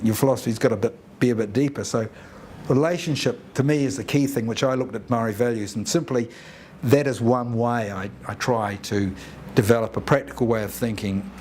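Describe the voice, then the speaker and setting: A man's voice: medium pitch, darkish tone, a little hiss or hum. A New Zealand man speaking reflectively on Maori values, who often acts out both sides of a conversation. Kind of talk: reflective talk with acted dialogue.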